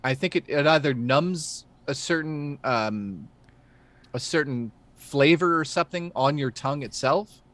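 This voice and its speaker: A man from Canada telling a long, lively story in casual livestream chat, swearing and laughing as he goes. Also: on the high side, measured pace.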